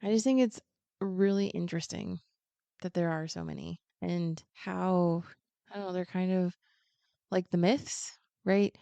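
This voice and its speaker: A woman chatting casually as a podcast guest, retelling a picture book in an animated way and playing the characters' lines in quick asides. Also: fairly low pitch, vocal fry, clear, resonant tone, dry recording, highs cut off.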